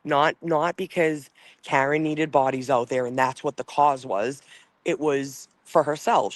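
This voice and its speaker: Male streamer, angry rambling profane rant, slightly high pitch, dry close-mic sound. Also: no room sound. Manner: reads and answers chat comments. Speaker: livestream host. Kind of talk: casual livestream rant.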